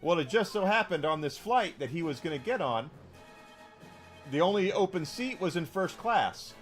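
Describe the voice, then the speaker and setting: Rambling storytelling man, slightly high voice. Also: expressive, moderate pace, faint music behind. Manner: rambling, with many restarts and fillers. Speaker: game streamer. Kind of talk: casual storytelling while streaming.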